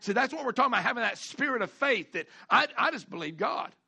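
Male pastor, high bright voice, folksy sermon delivery with call-and-response. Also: lively intonation, creaky, husky. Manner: folksy preaching with call-outs, repeats and drawn-out emphasis.

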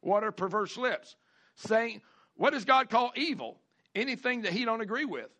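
A man's voice: very high voice, animated, normal speed, a bit bright. A man preaching a sermon as pastor, folksy, repeating phrases and stretching key words for emphasis.

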